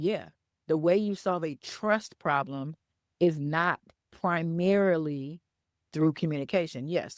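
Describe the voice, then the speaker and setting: A woman's voice: deep voice, dry recording, clean studio sound. A woman hosting a solo podcast, teaching through a conversational story and checking in with the listener as she talks. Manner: conversational storyteller, keeps checking in with "okay?" and "right?"; repeats words for emphasis. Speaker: podcast host and business coach.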